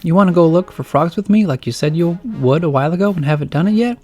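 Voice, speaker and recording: A man voicing an excitable, odd little boy with a bouncy, eager manner. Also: fairly high pitch, fast talker, faint music behind, voice pushed up, close to an everyday voice. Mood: chirpy.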